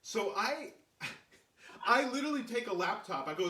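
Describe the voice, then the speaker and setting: A man's voice: sits high, unhurried, echoey room, recorded from a distance. A man hosting a live stream, telling a story in casual chat and acting out the voices of the people in it. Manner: animated storyteller, acts out quoted voices. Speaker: show host, artist telling a story.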